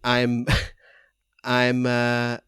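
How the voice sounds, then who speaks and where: A man's voice: mid-range voice, completely flat delivery, very slow, fairly bright tone, clear, resonant tone, no room sound, studio quality. A young man co-hosting a casual podcast chat, joking and laughing between his words. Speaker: podcast co-host.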